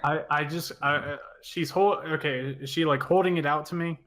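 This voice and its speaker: A man's voice: fairly high pitch, steady tone, normal speed, a bit bright. A man playing a tabletop game, hesitant and stammering as he speaks for his character. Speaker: player.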